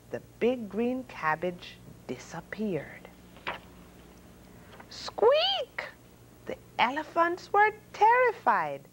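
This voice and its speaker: A woman hosting a story hour, reading children's picture books aloud with expressive sound effects and voices for the animals. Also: mid-range voice, a little hiss or hum, poor audio. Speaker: storyteller host.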